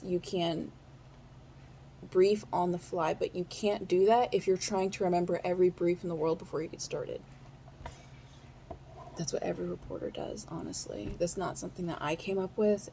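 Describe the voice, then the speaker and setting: This stenography practice lesson comes from a woman whose lowish, warm voice carries vocal fry. She talks quickly and chattily straight to her audience in a relaxed teaching style, and there's slight background noise.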